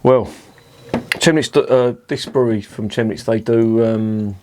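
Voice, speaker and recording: A man's voice: fairly low pitch, measured pace, darkish tone, slight background noise. A man casually reviewing a beer at home, chatty and self-mocking, swearing freely. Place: indoors at home with curtains drawn.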